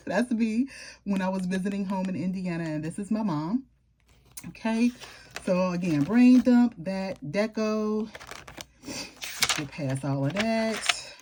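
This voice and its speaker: A woman's voice: lowish voice, a little slow, mellow. A woman chatting casually to her viewers as she flips through her planner, informal and talkative, with homey slang. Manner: chatty, informal, talks straight to viewers with southern-style slang. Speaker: planner vlogger. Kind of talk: casual show-and-tell chat.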